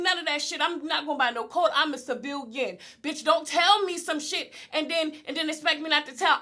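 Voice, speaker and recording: Young woman vlogger, high bright voice, candid storytime delivery, laughs through it. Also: moderate pace. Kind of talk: storytime vlog.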